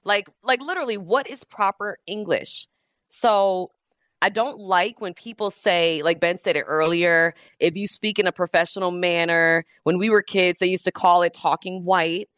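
A woman's voice: fairly low pitch, normal speed, fairly bright tone, no room sound. A woman hosting a call-in radio talk show, talking in an emphatic, slangy way and firing off rhetorical questions into a studio microphone.

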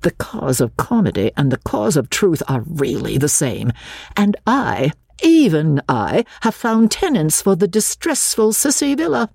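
A woman voicing a playful, self-satisfied young gentleman in an audiobook. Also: fairly low pitch, sing-song, unhurried, gravelly, breathy edge, dry recording, pitched above the performer's own voice, heavily acted. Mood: teasing. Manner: teasing, theatrical.

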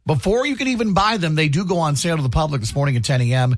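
A man's voice: on the high side, racing. A man co-hosting a morning radio show, joking and laughing often as he reads promos and chats with his co-host in the studio. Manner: jokey, laughs often, animated delivery. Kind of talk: upbeat radio banter. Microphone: studio microphone.

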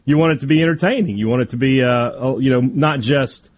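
Male co-host, mid-pitched, easygoing, stumbles, faint hum behind. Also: fast. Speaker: sports radio co-host. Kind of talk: casual sports radio banter.

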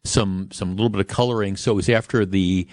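A man's voice: low voice, fairly even intonation, brisk, darkish tone, no room sound, clean studio sound. A middle-aged man from Wisconsin hosting a radio talk show, rambling chattily with many restarts. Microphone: studio microphone.

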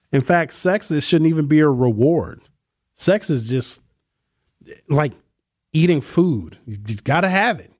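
A man's voice: a little high, no room sound, studio quality. A man hosting a call-in talk show in a chatty, joking way. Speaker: radio talk show host. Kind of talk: casual call-in show chat.

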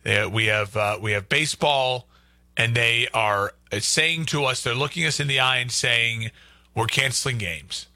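A man's voice: medium pitch, moderate pace, sharp tone, no echo. A man hosting a local sports talk radio show, arguing his points emphatically and repeating them for stress.

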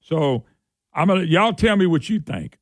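Man, talk radio host, sarcastic, high voice that leaps around, dry close sound. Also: expressive, moderate pace, dry recording. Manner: sarcastic, laughs often, voice jumps high when mocking. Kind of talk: opinionated political talk.

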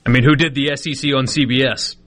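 Male co-host on sports radio, mid-pitched voice, laid-back, jokey asides. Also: fairly even intonation, fast talker, fairly bright tone. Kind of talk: casual sports talk banter.

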